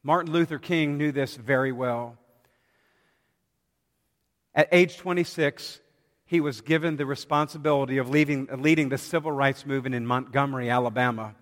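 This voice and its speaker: A man's voice: mid-range voice, fairly even intonation, fairly bright tone. Man preaching in a reverberant church. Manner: measured preaching with dramatic pauses. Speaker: pastor. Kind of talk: sermon. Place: church sanctuary. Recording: long hall reverb.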